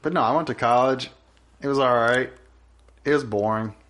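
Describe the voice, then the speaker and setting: A man's voice: mid-range voice, moderate pace. Crude joking man, casual podcast chat. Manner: crude, joking, riffs into loud put-on voices. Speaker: podcast co-host.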